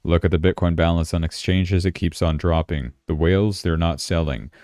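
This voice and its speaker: A man's voice: sits low, steady tone, normal speed, darkish tone, dry recording, studio quality. A man hosting a casual crypto livestream, chatting and thinking aloud as he checks his charts, sounding tired. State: yawning, tired.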